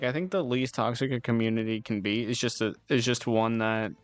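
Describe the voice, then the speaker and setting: Recorded without room sound, a man with a fairly low voice hangs out on a stream, talking casually with his live chat. He drifts from topic to topic, laughs a lot and lets the occasional curse slip.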